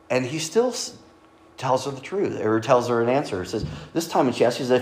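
A man's voice: medium pitch, animated, fairly quick, darkish tone. Man preaching a chatty sermon in an echoey hall. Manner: conversational, joking asides. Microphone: microphone. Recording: echoey room.

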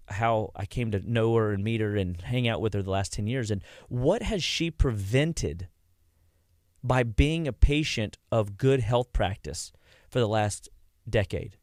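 A man's voice: on the low side, expressive, moderate pace, darkish tone, dry recording, studio quality. A middle-aged man hosting a casual radio health talk, a chatty storyteller who acts out what his patients said. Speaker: health practitioner and show host.

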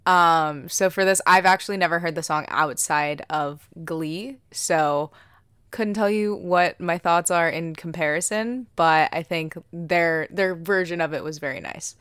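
Relaxed lower-voiced woman podcast guest. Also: measured pace, smooth, no echo, clean studio sound. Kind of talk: casual podcast chat.

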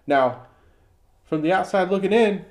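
In an unhurried voice that sits high, a middle-aged podcast co-host tells an example story in casual conversation. He brings the quotes to life, acting them out with energy.

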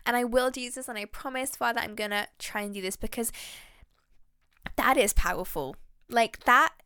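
A woman hosting a faith podcast, talking in an excitable, heartfelt and rambling way. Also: fairly high pitch, moderate pace, clean tone, no echo, studio quality. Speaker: podcast host.

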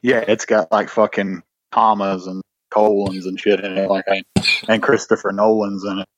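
A man's voice: lowish voice, level tone, moderate pace, highs cut off. A man co-hosting a podcast, telling a long story in a rambling, casual way with lots of swearing and restarts. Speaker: podcast co-host.

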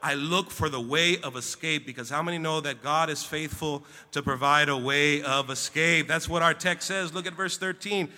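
A man preaching to his congregation, his voice high and piercingly bright. He swings from quiet asides to loud exclamations and leads the room in call-and-response. The church hall rings with a long reverb. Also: fairly even intonation, normal speed, few pauses. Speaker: pastor. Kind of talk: sermon. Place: church sanctuary.

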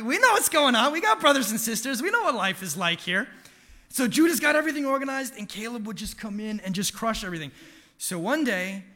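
A man, a father in his thirties, giving an earnest devotional talk, telling a family story with animated asides and quick restarts. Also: high voice. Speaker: preacher.

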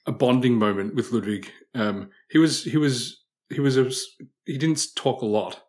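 A man's voice: medium pitch, moderate pace, a little mellow. A man in a casual group chat, telling an anecdote in a chatty, wry way with small chuckles. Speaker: podcast panelist.

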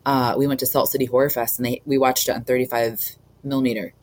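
A woman hosting a podcast in a loose, friendly chat. She sounds eager and excited as she talks, and she laughs easily. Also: rumbling low, fast talker, a little hiss or hum. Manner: enthusiastic, giggly. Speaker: podcast host.

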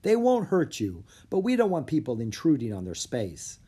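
A reader doing a calm panda keeper. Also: medium pitch, normal speed, husky. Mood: patient. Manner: patient and explanatory. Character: calm, polite adult male panda keeper. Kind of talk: storybook read-aloud.

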